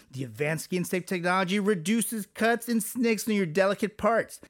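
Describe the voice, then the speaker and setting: High-voiced man, jokey ad read. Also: a bit bright. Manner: jokey, salesy. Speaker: podcast host reading an ad. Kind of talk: upbeat ad read.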